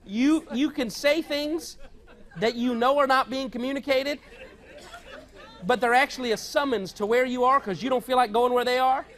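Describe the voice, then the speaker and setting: A man's voice: extremely high pitch, normal speed, a bit bright, a faint crowd. Man preaching a joking, storytelling sermon. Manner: storytelling, mimics household conversations, often laughing. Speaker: pastor. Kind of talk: humorous conversational sermon.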